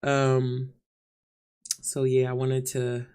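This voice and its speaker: A woman vlogs live to camera, candidly chatting with viewers and calling them y'all and honey. Her very deep, dark voice is monotone and extremely slow, with a clean tone, picked up by the camera mic.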